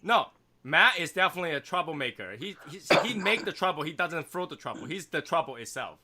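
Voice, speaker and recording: A man's voice: fairly high pitch, expressive, a little fast, heavy background noise. A man hosting a casual group chat stream, laughing often as he talks. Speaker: stream host.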